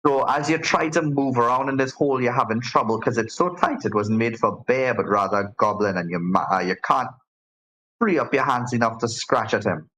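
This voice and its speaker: A man's voice: medium pitch, normal speed, sharp tone, low-quality recording. A man acting as game master, narrating a tabletop game in a casual way with many fillers and restarts.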